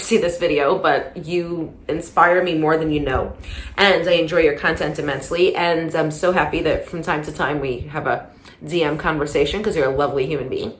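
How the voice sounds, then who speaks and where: Rambling woman with a low voice in an echoey room. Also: fairly bright tone. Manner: rambling, many restarts, gets heated. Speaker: commentary vlogger. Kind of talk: casual commentary monologue.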